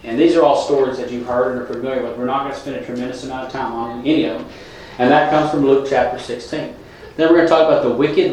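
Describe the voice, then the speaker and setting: A man preaches in an easy, conversational way, speaking directly to his congregation. His voice sits at an ordinary middle pitch. It is recorded from some distance in a church hall with heavy echo and a faint hum behind it. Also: a little mellow. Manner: plain conversational preaching, talking straight to the congregation. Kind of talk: sermon. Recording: very echoey room, from a distance.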